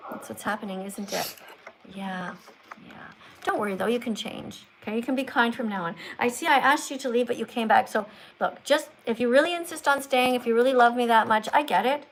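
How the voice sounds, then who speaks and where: A woman with a fairly high voice hosts a livestream, coaching a caller to read aloud. She is coaxing and teacherly, as if talking to a small child. Faint hiss sits behind her on a home stream mic. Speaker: livestream host.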